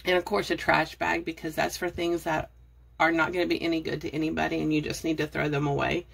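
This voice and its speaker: Breathless, gravelly-voiced woman vlogger. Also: low voice, level tone, fast talker, fairly bright tone. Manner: chatty, rambling, apologetic. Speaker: budgeting and decluttering vlogger. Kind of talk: casual how-to talk to camera. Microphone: phone.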